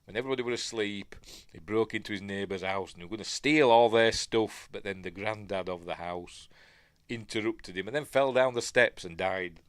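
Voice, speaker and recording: A man's voice: fairly low pitch, moderate pace, no room sound. A man with a Yorkshire accent casually breaking down a film, rambling and digressing with lots of fillers. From Yorkshire, England. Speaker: film reviewer.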